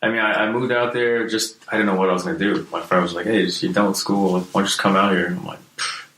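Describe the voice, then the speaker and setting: In an echoey room with faint noise, a hardcore musician tells laid-back stories of his musical past, swearing and using lots of fillers. His low, slightly bright voice moves at a quick pace with fairly even intonation.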